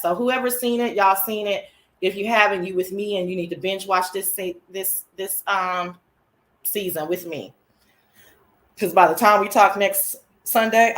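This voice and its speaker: A woman hosts her own live chat show, talking casually in a sassy, slangy and excitable way, with bursts of shrieking laughter. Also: medium pitch.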